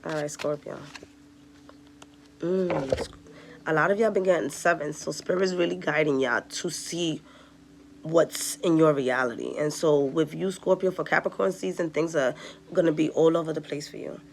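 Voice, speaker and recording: A woman's voice: low voice, fairly even intonation, normal speed, gravelly, slight background noise. A woman giving a casual tarot reading, chatty and direct, talking straight to her viewers. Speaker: tarot reader.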